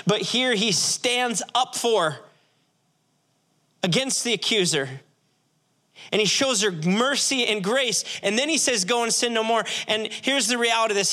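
A male pastor delivers a sermon with an earnest, questioning manner. His voice sits high and carries a bright, forward tone. He drops his pace to lean on key phrases. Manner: earnest, slows for emphasis, asks the congregation questions.

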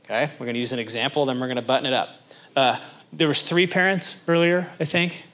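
A man's voice: medium pitch, fast talker. A pastor preaching to his congregation, asking them direct questions and acting out little scenes in voices. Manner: animated, acts out little scenes in character voices. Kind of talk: sermon.

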